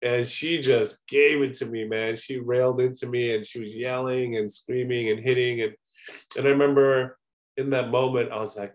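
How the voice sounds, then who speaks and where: A man's voice: mid-range voice, steady tone, normal speed. A man giving a conversational sermon, earnest and personal, often adding "you know" as he talks. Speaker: preacher.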